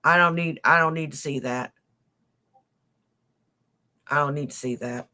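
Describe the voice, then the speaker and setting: A woman's voice: deep voice, measured pace, pushed and bright. A woman hosting a casual live stream, greeting viewers by name and thanking them for donations, with blunt teasing remarks. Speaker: livestream host.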